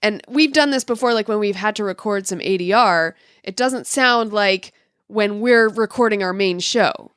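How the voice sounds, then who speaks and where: A woman's voice: mid-range voice, moderate pace, a bit bright, clear, resonant tone, no room sound, clean studio sound. A woman co-hosting a podcast in casual chat, enthusiastic and bubbly, laughing often. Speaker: podcast co-host.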